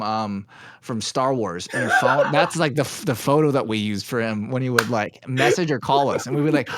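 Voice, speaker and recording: A young man telling stories casually on a podcast, animated and acting out the voices of others. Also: medium pitch, moderate pace, no echo, clean studio sound. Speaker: podcast co-host. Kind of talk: casual storytelling.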